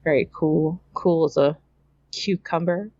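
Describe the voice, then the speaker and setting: The podcast host, a Canadian woman with a low, mellow voice, goes through a cartoon episode unhurriedly and casually. She laughs often and imitates characters as she quotes them, and the recording is dry with dull-sounding audio.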